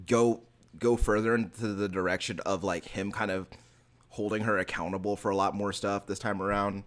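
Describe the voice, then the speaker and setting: Podcast host, male, low voice, loose casual rambling delivery. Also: flat delivery, moderate pace, fairly bright tone. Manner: rambling, many "like" fillers and restarts. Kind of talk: casual chat.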